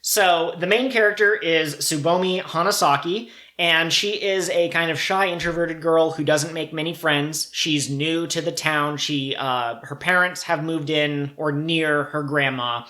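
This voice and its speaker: A man co-hosting a casual podcast, explaining an anime plot in a joking, animated way. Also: a little high, unhurried, hardly any pauses, roomy sound. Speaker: podcast co-host. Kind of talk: casual chat.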